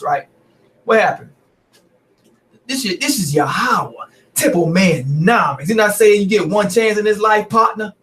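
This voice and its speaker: High-pitched male preacher, animated, mocking commentary on scripture. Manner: animated, mocking, stumbling restarts, frequent "right?".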